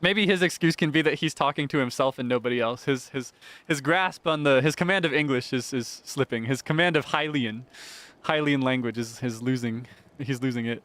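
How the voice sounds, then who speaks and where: A man's voice: mid-range voice, a little fast, fairly bright tone. A man streaming a video game, chatting casually in a playful way and laughing often. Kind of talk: casual gameplay commentary.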